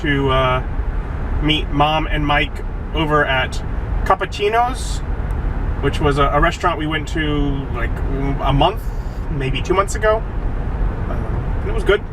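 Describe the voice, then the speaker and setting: A man's voice: a little high, expressive, takes it slowly, pauses often. A man vlogging casually from his car, rambling and self-amused. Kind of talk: casual vlog chat. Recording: road noise inside a car.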